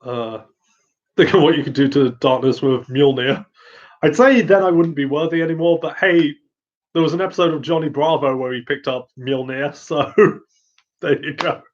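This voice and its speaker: A man's voice: fairly high pitch, fairly even intonation, moderate pace. A man hosting a casual live chat, rambling with lots of fillers and frequent giggles. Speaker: host answering viewer questions. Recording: muffled lo-fi audio.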